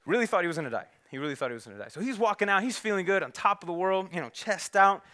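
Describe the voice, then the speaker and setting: A man's voice: high-pitched, quick pace, few pauses. A man preaching a sermon, telling a story in a conversational way and acting out the characters. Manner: animated, conversational, acts out characters. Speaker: pastor. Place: church.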